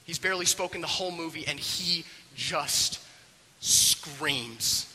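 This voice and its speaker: A man's voice: a little high, moderate pace, breathy edge, long reverb tail, rough recording. A man animatedly retelling a film scene, acting out the characters as he goes. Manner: expressive, acts out the characters' voices. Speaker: storyteller.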